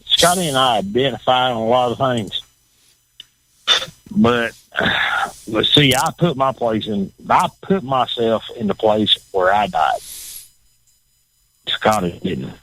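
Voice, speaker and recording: Man, Southern accent, blunt, profane, repetitive, mid-pitched voice. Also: animated, slow pace, long pauses, bright, forceful tone, no room sound, low-quality recording. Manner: blunt, profane, repeats himself. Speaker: guest, former bull rider. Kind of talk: casual talk show chat.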